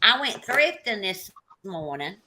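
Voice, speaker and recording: A woman's voice: medium pitch, sing-song, measured pace, pushed and bright, a little hiss or hum. A woman chatting in a friendly way in a casual group chat, telling a story.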